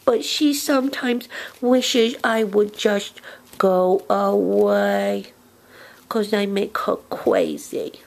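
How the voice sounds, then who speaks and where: Eerie childlike bed monster, woman voicing it, high voice, very slow, dreamy, slips into whispers. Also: heavily acted. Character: creepy childlike monster imaginary friend under the bed. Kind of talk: comic character monologue.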